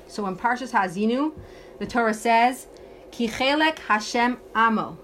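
A woman's voice: on the high side, a bit bright, slight background noise. A woman teaching a religious text lesson, earnestly explaining it phrase by phrase. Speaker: Torah teacher.

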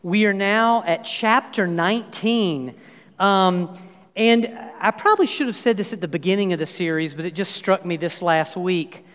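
A pastor in his fifties preaching in a church through a sound system, an animated storyteller with many fillers and restarts. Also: high-pitched, normal speed. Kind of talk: sermon with personal anecdotes. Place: church sanctuary. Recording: long reverb of a large hall.

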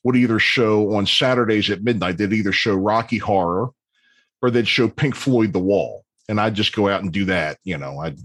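A man in his fifties talks in a low-pitched, unhurried voice, winding through stories with frequent ums and false starts. The sound is dry and close, with no room echo. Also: a bit bright. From Baltimore area, USA. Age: 50s. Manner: rambling storyteller, many ums and restarts. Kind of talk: casual chat.

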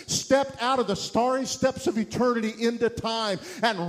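Middle-aged male evangelist, high voice, impassioned sermon delivery with emphatic climaxes. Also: moderate pace, hardly any pauses. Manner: impassioned, rising to emphatic peaks. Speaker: preacher.

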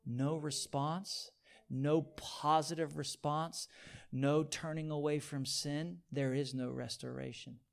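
A man preaching a sermon, asking his listeners for amens and swinging between hushed, near-whispered points and loud, pleading repetition. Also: a little high, steady tone, slow pace, creaky. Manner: call-and-response, asking the audience for amens.

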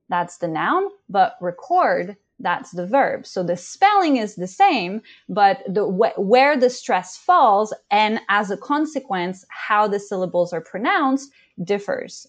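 A woman who co-hosts an English-learning podcast as an English teacher explains grammar rules carefully, with small hesitations, in an educational chat. Her mid-range voice is expressive and her pace measured.

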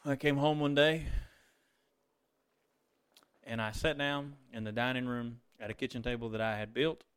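A middle-aged man preaching a sermon, moving between fervent exclamations and quiet, tender storytelling. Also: medium pitch, steady tone, moderate pace, clean tone.

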